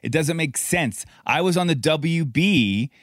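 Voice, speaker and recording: A man's voice: a little high, lively intonation, unhurried, a bit bright, no echo, clean studio sound. Man griping jokingly on a podcast. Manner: profane, mock-exasperated joking. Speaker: podcast co-host. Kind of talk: casual podcast chat.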